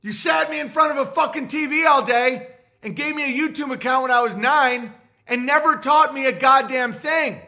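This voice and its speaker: A man playing an angry grown son who shouts at his father about never being taught anything, in an indignant, yelling rant. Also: sits high, animated, normal speed, heavily acted. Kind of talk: comedic rant.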